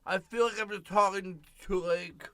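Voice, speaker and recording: A man co-hosting a casual podcast, rambling and restarting his sentences in fast bursts. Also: high-pitched, fairly even intonation, fairly bright tone, no room sound. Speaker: podcast co-host.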